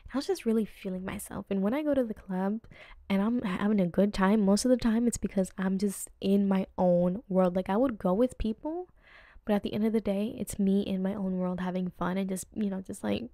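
A woman in her twenties hosting a podcast, telling rambling personal stories with lots of fillers and jumping up in pitch to act out what people said. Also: a little fast, mellow, no echo, studio quality. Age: 20s. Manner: chatty, rambling, lots of fillers, acts out quotes with pitch jumps. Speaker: podcast host. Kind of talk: casual storytelling monologue.

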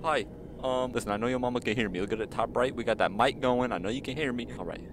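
A gaming channel host with a medium-pitched voice talks quickly over game music and a noisy background. Doing horror game commentary, he's jumpy and panicky, pleading with and talking back to the monster chasing him.

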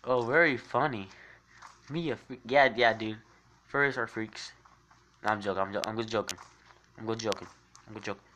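A man livestreaming a shooter game, rambling and swearing as he reads and answers his chat in a jokey, excitable way. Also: on the low side, brisk, pauses often, slight background noise. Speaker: game streamer. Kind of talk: casual livestream commentary reading chat. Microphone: phone mic while gaming.

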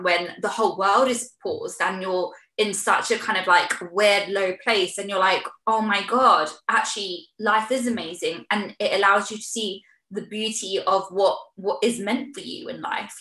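A woman's voice: medium pitch, unhurried, pushed and bright, roomy sound, low-quality recording. A woman hosting a casual interview chat, encouraging her guest with frequent yeahs. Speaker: host.

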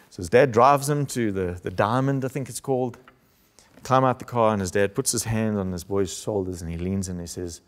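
A man preaching in church, telling a story and acting out the quoted lines with his voice. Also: a little fast. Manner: storytelling, acts out quotes with shifts in pitch and loudness. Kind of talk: sermon.

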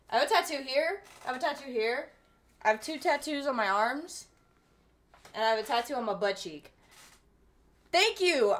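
A woman's voice: high-pitched, fairly bright tone. A young woman in her twenties streaming, chatting casually and playfully, swearing and reading chat aloud.

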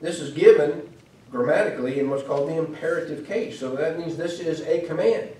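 Preacher, male, earnest teaching tone, mellow voice, echoey church from far off. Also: fairly high pitch, brisk. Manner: earnest, explanatory, with frequent restarts and fillers. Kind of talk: sermon. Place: church hall.

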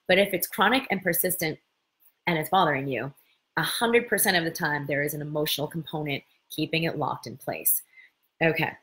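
A middle-aged woman hosting a casual live-stream talk, telling stories with lively gestures of voice and bursts of laughter. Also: low voice, moderate pace. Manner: animated storytelling, breaks into laughter. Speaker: host.

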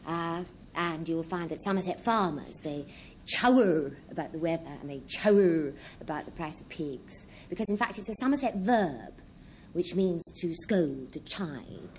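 A woman's voice: lowish voice, expressive, moderate pace, few pauses, a little mellow, a little hiss or hum, rough recording. A chatty, giggly woman panelist. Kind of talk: game show banter and storytelling.

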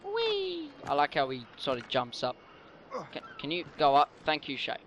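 A man's voice: mid-range voice, fairly even intonation, moderate pace, fairly bright tone, a little hiss or hum. A man giving casual, rambling commentary while playing a video game. He often gets tongue-tied and swears offhandedly. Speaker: let's play gamer.

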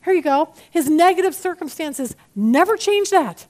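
A woman teaching a Bible study lesson in a chatty, animated way, acting out the people she quotes. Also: very high voice, normal speed.

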